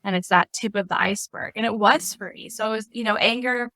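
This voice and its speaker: A woman's voice: mid-range voice, steady tone, fast, dry recording. A woman guest on a podcast, a spiritual life coach speaking earnestly and reflectively. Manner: earnest, reflective, softening to quiet. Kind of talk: casual conversation.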